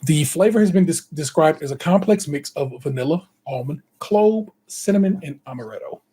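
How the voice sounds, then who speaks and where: A man's voice: a little high, expressive, moderate pace, warm tone, breathy edge. A man co-hosting a podcast, running through notes in casual, slang-heavy banter and laughing often. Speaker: podcast co-host. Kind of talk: casual chat.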